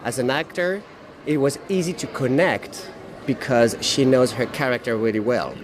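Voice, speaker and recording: A man's voice: medium pitch, moderate pace. A man actor giving a thoughtful, hesitant interview answer outdoors on a city street. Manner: thoughtful and hesitant, laughing lightly. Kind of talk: red-carpet interview answer. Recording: outdoor traffic noise behind.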